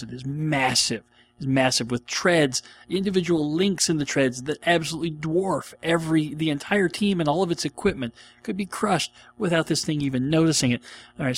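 A man hosting a podcast, answering listener questions in an enthusiastic, rambling casual chat. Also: medium pitch. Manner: enthusiastic, rambling, laughs often.

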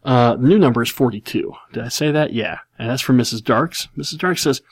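A man's voice: mid-range voice, brisk, few pauses, slightly rough, no echo. A man in his forties hosting a casual show, reading out listener questions and answering them in a rambling, self-deprecating way with frequent chuckles. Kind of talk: casual chat.

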